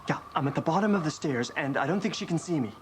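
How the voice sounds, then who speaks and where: A man's voice: on the high side, animated, fast, slight background noise, natural voice. A young man playing a stammering lovesick techie. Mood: flustered. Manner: hesitant, stammering, glum. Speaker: lovesick technician in a sitcom sketch. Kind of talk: TV sitcom acting.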